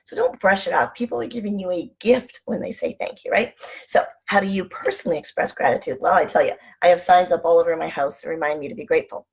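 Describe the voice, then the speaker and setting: A woman hosting a casual motivational vlog from home, chatty and animated as she tells anecdotes. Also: fairly low pitch, fast, creaky, breathy edge. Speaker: online show host.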